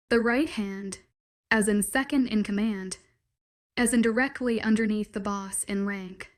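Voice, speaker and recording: A woman's voice: mid-range voice, a little slow. Woman narrating a story. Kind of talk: scripted first-person story narration.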